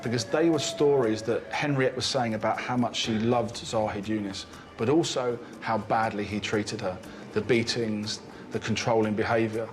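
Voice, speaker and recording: A man's voice: fairly low pitch, fairly even intonation, normal speed, few pauses, noisy background. A man, a police detective giving a documentary interview, who often restarts and repeats words.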